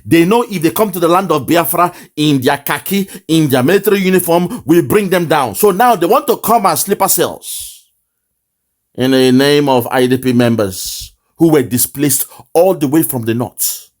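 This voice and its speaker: Nigerian male commentator, fiery and mocking, somewhat high voice that swings widely. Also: expressive, normal speed. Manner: fiery, mocking, bursts into laughter. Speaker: political commentary host. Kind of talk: impassioned online commentary.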